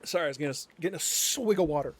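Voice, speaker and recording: A man streamer telling a story in casual chat, animated and sarcastic, with frequent stammered restarts and swearing. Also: fairly high pitch, racing, breathy edge.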